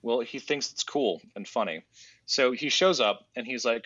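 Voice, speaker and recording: A man's voice: mid-range voice, normal speed, fairly bright tone, slightly rough, no room sound, muffled recording. A man casually recapping a book on a podcast, playfully acting out silly voices for the characters.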